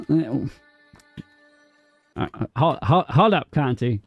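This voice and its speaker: A man's voice: on the high side, lively intonation, drawn-out words, pauses often, a little mellow, slightly rough, soft background music. A man streaming a game live, joking playfully with his chat, answering viewers by name and laughing often.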